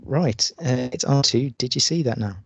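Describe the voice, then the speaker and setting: A man's voice: mid-range voice, moderate pace, gravelly, heavy background noise. A man co-hosting a football podcast, running through the news with lots of hesitant "uh" fillers. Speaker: podcast co-host.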